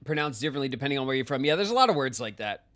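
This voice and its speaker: An American man streams a game live and chats the whole way through. His talk is loose and rambling, full of filler words and half-finished thoughts. His voice sits at an ordinary middle pitch for a man. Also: sing-song, rapid-fire, fairly bright tone. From United States. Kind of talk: casual live-stream chat while gaming.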